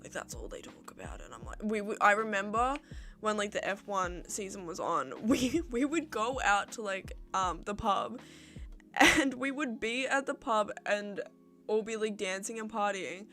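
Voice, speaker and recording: A woman's voice: medium pitch, expressive, normal speed, pushed and bright, faint music behind. A young Australian woman chatting casually on a livestream, answering viewer questions in a rambling way and acting out little exchanges with her friends.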